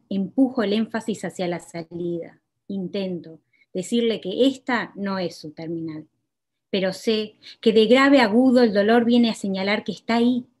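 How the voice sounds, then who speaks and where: A woman poet giving a poetry reading of her own work in a measured, deliberate way. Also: medium pitch, darkish tone.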